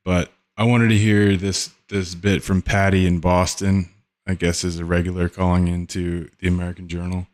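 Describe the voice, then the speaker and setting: A man hosting a podcast, talking casually and haltingly, often searching for words. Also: sits low, little pitch movement, a little mellow. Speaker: podcast host. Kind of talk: casual solo commentary.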